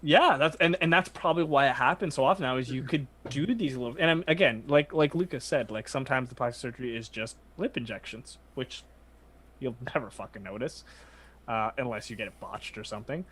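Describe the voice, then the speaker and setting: A man's voice: mid-range voice, fairly quick, a bit bright. A man in a casual podcast chat who jokes, teases his friends and swears offhandedly. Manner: joking, teasing, swears casually. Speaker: podcast co-host.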